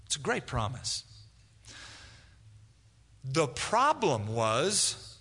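Bright-voiced preacher in a reverberant hall. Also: male voice, mid-range voice, big pitch swings, drawn-out words, breathy edge. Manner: conversational preaching, acts out quoted dialogue. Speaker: pastor. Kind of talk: expository sermon.

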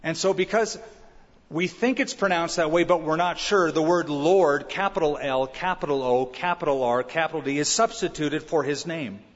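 A man's voice: on the high side, moderate pace. Male pastor, emphatic teaching sermon, long church reverb. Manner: emphatic, rhetorical questions to the congregation. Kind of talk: expository sermon. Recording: dull reverberant church sound.

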